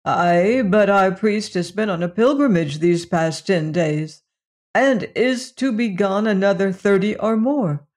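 A reader voicing a gentle, sorrowful alien villager who speaks in formal, old-fashioned phrases, in an audiobook story. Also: mid-range voice, animated, measured pace, natural voice. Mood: sorrowful, pleading. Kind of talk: audiobook reading.

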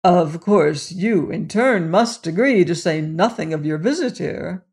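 A courtly Cossack general, as a reader puts him on, suave and quietly menacing. He draws each phrase out slowly and with relish, in a very leisurely audiobook delivery. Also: medium pitch, expressive. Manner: courtly, unhurried, drawn-out phrasing. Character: suave menacing aristocratic Cossack general, middle-aged man. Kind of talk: audiobook character reading.

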